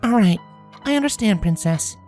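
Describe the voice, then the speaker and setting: A man voicing a bookish young unicorn filly who speaks in a high, earnest, nervous way. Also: expressive, normal speed, darkish tone, soft background music. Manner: high, earnest, anxious and pleading.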